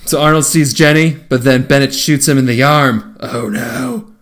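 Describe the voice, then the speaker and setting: A man's voice: mid-range voice, big pitch swings, moderate pace, vocal fry, fairly bright tone, slight background noise. A man hosting a casual chat, retelling a film with frequent laughs. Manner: laughing, rambling recap. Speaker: podcast host.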